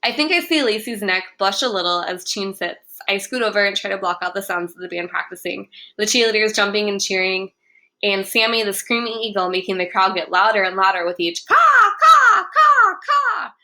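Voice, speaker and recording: A woman reading a young-adult novel aloud in first person, in a clear, even storytelling manner. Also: medium pitch, brisk. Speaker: audiobook narrator. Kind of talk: first-person audiobook narration.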